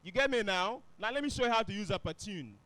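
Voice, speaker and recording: Teacher, male, high voice, dry close sound, keeps checking if the class follows. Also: expressive, fast talker, a bit bright, no room sound. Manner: questions the class often. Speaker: English teacher. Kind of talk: classroom lesson.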